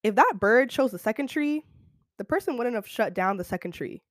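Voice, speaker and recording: A young woman hosting her own podcast, talking casually in an animated, slangy way and often checking in with the listener. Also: a little high, moderate pace, no echo, studio quality. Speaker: podcast host. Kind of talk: casual solo podcast chat.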